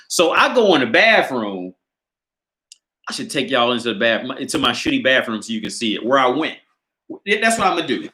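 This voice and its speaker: On a casual livestream from his small apartment, a male host tells a story, swearing and laughing often, while the hand-held phone or camera records him. His mid-range voice is sing-song and bright with a forceful tone, and he talks fast.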